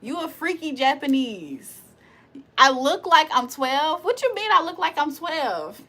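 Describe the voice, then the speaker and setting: A woman's voice: high-pitched, very animated, a little slow, sharp tone. A woman hosting a casual livestream, reading chat aloud, playful and profane, laughing often and teasing viewers in a mock-preacher tone. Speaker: livestream host.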